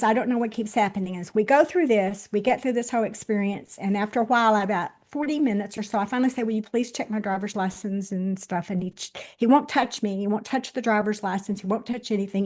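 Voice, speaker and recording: Animated woman in her sixties telling a story. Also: fairly high pitch. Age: 60s. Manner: animated storyteller, swings from loud to hushed. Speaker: interview guest. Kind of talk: personal story told to viewers.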